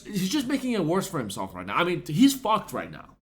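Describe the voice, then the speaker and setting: A man giving a sarcastic, indignant commentary rant as a YouTuber, his pitch jumping up for emphasis. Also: wildly swooping pitch, brisk, fairly bright tone, slightly rough.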